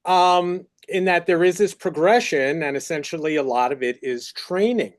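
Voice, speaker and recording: A man's voice: a little high, moderate pace. Man with a New York accent. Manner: explanatory, chatty with fillers. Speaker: faculty researcher panelist. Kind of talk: panel discussion.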